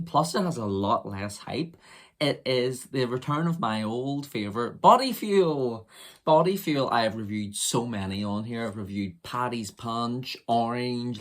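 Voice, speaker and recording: A young man chatting to camera while reviewing a drink, rambling with lots of fillers, his voice husky from a summer cold. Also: medium pitch.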